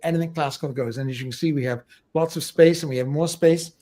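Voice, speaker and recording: A man's voice: fairly high pitch, fast, warm tone. A middle-aged man hosting a casual music livestream, chatty and rambling, with many fillers. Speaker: livestream host.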